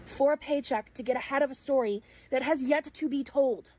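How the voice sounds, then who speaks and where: A woman's voice: high-pitched, fairly quick, darkish tone, rough recording. A woman giving heated, blunt commentary, swearing often and leaning on fillers. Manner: blunt and profane, frequent fillers. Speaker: streamer in a clipped commentary segment.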